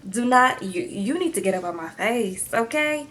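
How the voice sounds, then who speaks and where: A woman's voice: fairly high pitch, expressive, normal speed, a bit bright, a little hiss or hum. A woman imitating a no-nonsense working woman who sasses and threatens a rival. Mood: sassy threatening. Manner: sassy, threatening.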